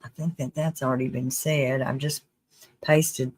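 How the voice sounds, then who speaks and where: A live-stream host giving casual commentary in a chatty, earnest way, with restarts and quick laughs. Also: medium pitch, little pitch movement, husky, no echo. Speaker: livestream host.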